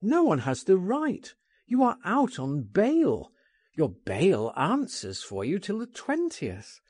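A man voicing an urgent, impatient friend pleading and insisting, raised and animated in a storybook reading. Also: high-pitched, slow, slightly rough, dry recording, clean studio sound, pitched above the performer's own voice, heavily acted.

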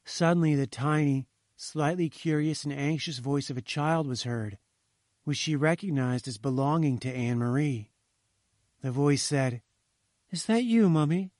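A man reading a story aloud, measured and slowing at grim moments. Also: mid-range voice, fairly even intonation, darkish tone, no echo, clean studio sound. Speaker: narrator. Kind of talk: scripted narration of a story.

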